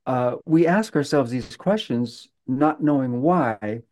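A man speaking as a guest, telling a story in a halting way with many fillers and restarts. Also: mid-range voice, a little mellow. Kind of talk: conversational storytelling.

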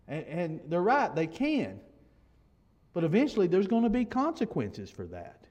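Male pastor, fairly high voice, chatty sermon delivery that rises to emphatic declarations. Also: huge pitch swings, normal speed, darkish tone. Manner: conversational, frequent restarts and "you know", rising to emphatic.

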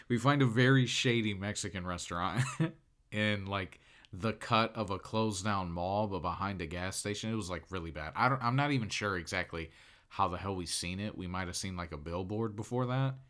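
Young male storyteller, slightly low voice, loose and chatty, laughs through his lines, swears freely. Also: a bit bright. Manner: laughs often, swears, lots of "like". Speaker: podcast storyteller. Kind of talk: casual personal anecdote.

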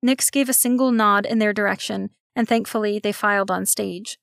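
A woman reading a children's story aloud, giving steady, expressive narration. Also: mid-range voice, normal speed, creaky, dry recording, clean studio sound.

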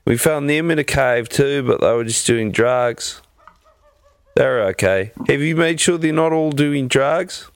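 A man's voice: mid-range voice, unhurried, dry recording. A man, a tabletop game player chatting casually and saying "like" a lot. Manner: laid-back, lots of "like". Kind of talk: casual chat.

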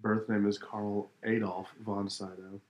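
Low-voiced guy co-hosting a movie podcast, quiet, short agreeable replies. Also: level tone, a little slow, muffled recording. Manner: quiet, brief, agreeable answers. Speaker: podcast co-host. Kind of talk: casual movie podcast chat.

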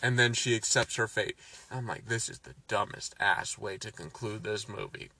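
A man's voice: on the low side, moderate pace, vocal fry, sharp tone, no echo. A man casually recapping a film, ranting and swearing, exasperated. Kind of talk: casual movie recap chat.

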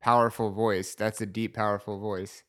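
A thoughtful man co-hosts a casual book discussion. His voice is fairly low and sounds close and dry. He lays out his points in a measured way and checks in with his partner. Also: little pitch movement, fairly bright tone, no echo. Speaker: podcast co-host.

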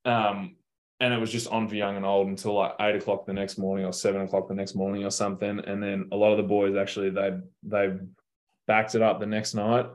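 A man's voice: lowish voice, monotone, a little fast. A young Australian man telling stories in a casual interview, laid-back and slangy with plenty of swearing. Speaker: guest basketball player.

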